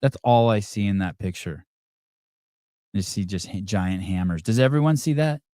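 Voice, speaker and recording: A man's voice: lowish voice, moderate pace, warm tone, no echo, clean studio sound. A man hosting a livestream podcast, swearing heavily and mocking a caller in a combative rant. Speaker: podcast host. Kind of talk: heated livestream chat.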